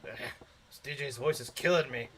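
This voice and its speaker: A man's voice: medium pitch, normal speed, pushed and bright, slight background noise, pitched below the performer's own voice, lightly acted. Figure: a man reading as a grumpy tough guy. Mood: irritated.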